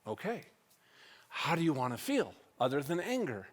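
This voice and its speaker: A man's voice: on the high side, normal speed. A middle-aged man speaking at a church, telling a personal story and acting out the conversations in it. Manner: animated, acts out dialogue with wide swings in loudness.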